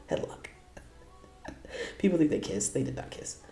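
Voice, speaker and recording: A man's voice: fairly high pitch, big pitch swings, unhurried, creaky, dark tone, reverberant. A man hosting a casual reaction video, laughing often and tossing out playful asides.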